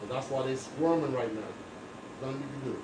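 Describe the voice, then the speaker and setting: A man's voice: mid-range voice, a little fast, distant mic. A man talking casually while he works as a barber, speaking in an emphatic, lecturing monologue. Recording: echoey room with background noise.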